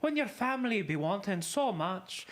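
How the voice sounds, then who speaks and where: A man's voice: high voice, big pitch swings, extremely slow, a little mellow, heavily acted. A man playing a bossy mother reading a bedtime story, slipping into exaggerated put-on accents for improv comedy. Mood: motherly. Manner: switches between exaggerated accents.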